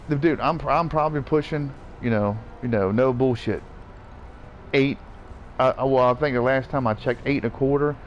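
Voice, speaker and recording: A man's voice: medium pitch, a little hiss or hum. Profane ranting man. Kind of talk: casual gaming rant.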